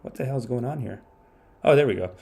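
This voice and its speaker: A man hosting a casual comedy podcast stream, rambling and animated, with the odd curse. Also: mid-range voice, fairly quick. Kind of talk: casual livestream commentary.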